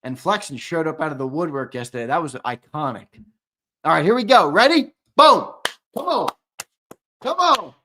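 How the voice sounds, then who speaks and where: A young man hosts a live-stream giveaway, bantering casually and teasing his viewers. His pitch swings widely at a moderate pace, and loud, hyped countdowns alternate with low, mumbled asides.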